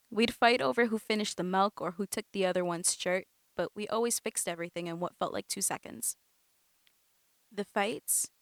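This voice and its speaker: Young woman reading her own story quietly. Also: medium pitch, no room sound. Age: young adult. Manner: quiet, reflective storytelling with sharp acted-out quotes. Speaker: narrator. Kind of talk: reading a personal story aloud.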